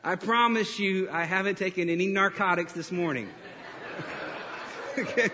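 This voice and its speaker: A man preaching a sermon as pastor, animated and storytelling, breaking into laughs and acting out quotes. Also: high voice, normal speed, a crowd in the background. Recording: reverberant hall.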